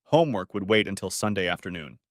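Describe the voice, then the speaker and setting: A man narrating a story as an audiobook in a steady, measured reading voice. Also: low-pitched, dry recording, studio quality. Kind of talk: scripted narration.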